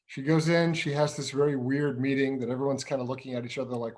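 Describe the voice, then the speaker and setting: A man's voice: mid-range voice, little pitch movement, quick pace, darkish tone. A middle-aged man co-hosting a political discussion show, explaining in a firm way and posing rhetorical questions. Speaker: co-host, investigations director.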